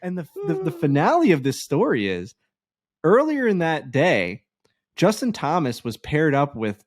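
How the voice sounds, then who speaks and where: A young man with a slightly higher-than-average voice, spinning a story on a podcast in loose, profane chat. He jumps into other people's voices as he tells it. His delivery stays animated throughout. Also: a little slow, no room sound. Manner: animated, swears freely, acts out kids' voices. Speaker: podcast co-host.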